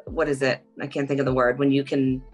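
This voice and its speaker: A middle-aged woman talking as an interview guest, chatty and animated, packing her stories with "like". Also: rumbling low, fairly quick, faint music behind, low-quality recording. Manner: chatty, animated storytelling, lots of "like". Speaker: interview guest, former reality show contestant. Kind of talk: casual interview chat.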